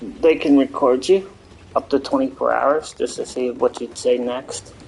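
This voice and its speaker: A man's voice: mid-range voice, fairly even intonation, measured pace, gravelly, a little mellow, slight background noise, rough recording. A man streaming a game live, chatting casually and rambling to his viewers and friends. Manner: rambling, talks to chat and friends. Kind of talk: casual gaming stream chat.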